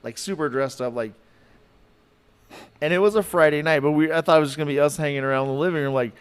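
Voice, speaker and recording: A man telling a podcast story in an animated, rambling way, full of fillers and likes. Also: a little high, quick pace, clean tone. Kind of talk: casual storytelling.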